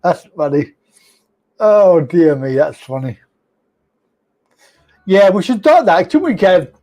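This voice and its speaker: A man's voice: high-pitched, sing-song, slow, mellow. A man hosting a comedy phone-in, joking and teasing his callers and laughing often. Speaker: host.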